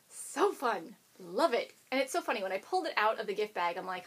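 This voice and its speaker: A woman's voice: medium pitch, animated, fairly quick, fairly bright tone, husky. A woman hosting a knitting video podcast, chatting casually and bubbly to the camera and talking to her dog now and then.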